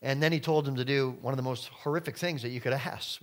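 A man's voice: medium pitch, steady tone, fast talker. A man preaching a sermon in numbered points, acting out quoted voices along the way. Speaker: pastor.

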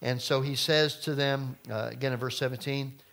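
A middle-aged man preaching a sermon as pastor, talking casually to the congregation and turning suddenly loud for emphasis. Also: medium pitch, fairly even intonation, moderate pace, creaky.

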